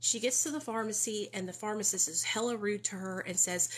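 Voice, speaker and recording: A young woman talks straight to her viewers in a loose, chatty live-stream style. She speaks with emphatic, defensive energy at a middle pitch. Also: a little fast, fairly bright tone, slightly rough. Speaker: vlogger on recovery. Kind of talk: casual live-stream chat.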